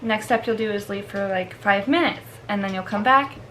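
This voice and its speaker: A dog trainer explains the steps in a casual vlog, chatty, laughing often and heavy on fillers. Her mid-range voice moves at a moderate pace with a fairly bright tone, over slight background noise and poor audio.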